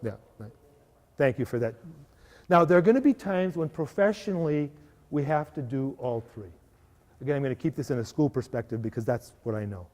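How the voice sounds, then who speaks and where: A man giving a lively live workshop talk to a parish group, often asking the audience to agree. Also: medium pitch, brisk. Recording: live hall recording with long reverb.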